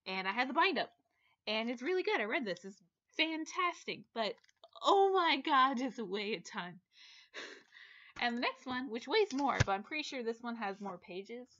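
A woman vlogging about books in a casual chat to camera, animated and quick, swearing and exaggerating. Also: mid-range voice, dull audio. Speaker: book vlogger.

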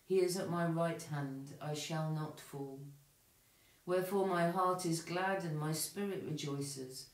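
A man leading morning prayer, reading psalms and scripture in a measured, steady way. His voice sits a little high for a man. The room rings with echo around him. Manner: measured, steady reciting with small self-corrections. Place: church. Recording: echoey room.

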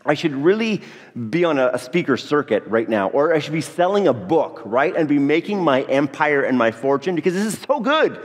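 A man's voice: a little high, big pitch swings, a little fast. A man preaching a sermon to his congregation in a church, joking and speaking directly to the people. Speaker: pastor. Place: church sanctuary. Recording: long reverb of a church hall.

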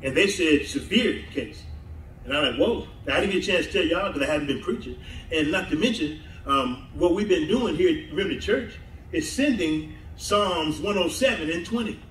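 Laughing high-voiced pastor, echoey church. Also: male voice, animated, moderate pace, fairly bright tone, slight background noise. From southern United States. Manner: laughing, conversational preaching with call-and-response. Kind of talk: sermon. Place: church sanctuary. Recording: echoey church hall mic from a distance.

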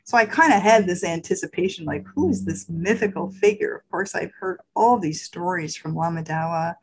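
A middle-aged woman with a slightly low voice recounts memories in a relaxed interview. She talks softly and often trails off, then leaps up in pitch when she acts out what someone said. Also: normal speed, a little hiss or hum, low-quality recording. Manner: animated, acts out quotes with big pitch jumps. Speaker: guest sharing her spiritual path. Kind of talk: casual storytelling in an interview.

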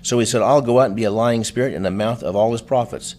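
A man's voice: medium pitch, quick pace, a little mellow. A man preaching a sermon, reading scripture aloud with frequent restarts and adding plain-spoken asides. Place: church.

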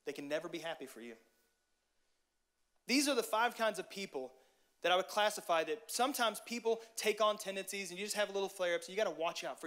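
A man giving a relaxed, conversational sermon with a notably high voice. He jokes and addresses the listeners directly, with lively energy. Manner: lively, joking, talks straight to the audience. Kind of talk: casual sermon.

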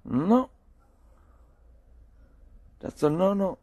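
A man with a sore throat and a husky voice, joking around with viewers in a casual livestream. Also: high voice, lively intonation, extremely slow, a little mellow, dry recording. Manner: joking, playful banter with viewers. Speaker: livestream host.

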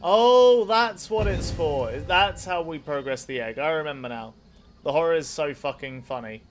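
A man's voice: a little high, normal speed, soft background music. A young man with a nasal voice streaming a video game, chatting casually with his chat, swearing freely and rambling while he plays. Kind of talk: casual let's play commentary with chat.

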